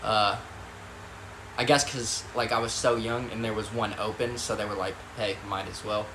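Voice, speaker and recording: A man's voice: fairly low pitch, flat delivery, moderate pace. A man casually telling a story about his past, rambling with lots of fillers, swearing and laughing as he goes. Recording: echoey room with faint ambient noise.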